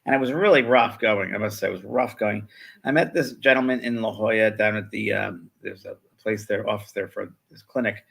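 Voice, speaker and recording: A man's voice: lowish voice, fairly quick, gravelly, fairly bright tone, slightly rough. A man in his sixties, co-hosting a live spiritual show, telling stories in a chatty way and acting out what people said. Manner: chatty storyteller, acts out quoted voices. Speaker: co-host, spiritual medium. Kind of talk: casual chat.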